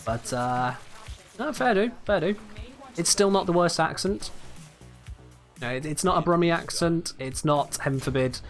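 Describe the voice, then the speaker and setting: A man's voice: fairly high pitch, lively intonation, normal speed, long pauses, faint music behind. A man from England, chatting casually and wryly to his livestream chat while playing a game. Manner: chatty, wry, reads out and answers chat. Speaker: streamer.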